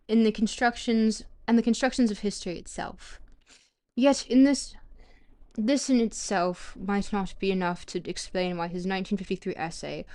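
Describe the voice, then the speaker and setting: A woman's voice: medium pitch, a little mellow. Woman reading philosophy aloud on stream. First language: French. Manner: halting reading with restarts and pronunciation checks. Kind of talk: live-streamed philosophy reading with chat asides.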